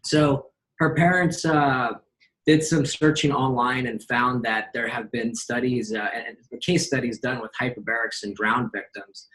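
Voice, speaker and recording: A man who runs a hyperbaric treatment facility, explaining it in a measured way with frequent pauses and fillers. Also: mid-range voice, fairly bright tone, poor audio. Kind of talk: informative explanation.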